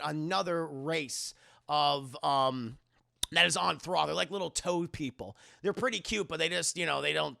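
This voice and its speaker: A man streaming live, excitedly recapping a film with swearing and constant asides to his chat. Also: fairly high pitch, vocal fry. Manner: excitable, profane, keeps addressing chat.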